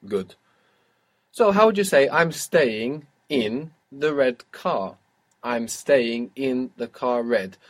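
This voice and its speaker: In a guided audio language lesson, a patient male teacher with a medium-pitched voice and lively intonation speaks slowly. He poses short questions, waits for the student to answer, and praises each reply before going on.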